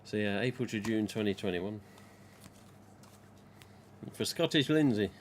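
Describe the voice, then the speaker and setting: A man chats loosely on a live stream, wandering from point to point and reading viewers' messages aloud. His voice sits a little low. A faint hiss of room noise runs under the recording. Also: expressive, unhurried. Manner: chatty, rambling, reads viewer comments aloud. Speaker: live stream host, mask collector. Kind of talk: casual live stream chat.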